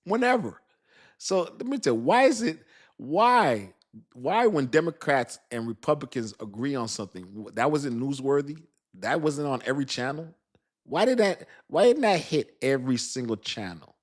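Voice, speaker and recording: A man's voice: medium pitch, sing-song, moderate pace. A middle-aged man hosting a casual crypto talk. He reads chat comments aloud, repeats himself for emphasis and laughs at his own lines. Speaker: crypto channel host.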